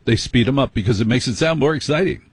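Middle-aged guy doing overnight radio, husky voice, dry close sound, wanders off on wry tangents. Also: medium pitch, animated, fast, dry recording. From United States. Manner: rambling, self-deprecating, wry asides. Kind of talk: casual late-night radio chat.

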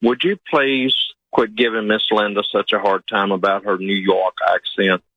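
A man's voice: lowish voice, fairly even intonation, normal speed, no room sound. A man, a truck driver, calling in to a talk radio show, earnest and polite. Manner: earnest, polite, says "sir". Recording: muffled phone line.

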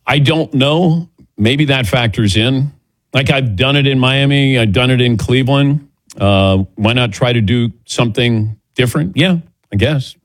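A man's voice: medium pitch, a little slow, no echo. Middle-aged male radio host, casual storyteller, dry close mic. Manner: storytelling, acts out quoted voices. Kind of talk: casual sports radio chat.

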